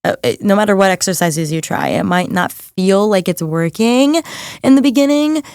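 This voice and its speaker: Appearing as a guest on a podcast, a young mindset and nervous system coach chats in an earnest, encouraging way, sprinkling in plenty of "like"s. Her medium-pitched voice has lively intonation and a normal speed, slightly mellow, clear and resonant, in a dry, studio-quality recording.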